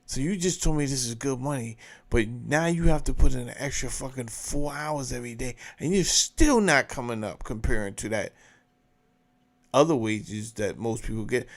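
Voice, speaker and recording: A man's voice: medium pitch, moderate pace. A man hosting his own show, giving blunt, profane, emphatic commentary in a casual rant. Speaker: show host commenting on a clip.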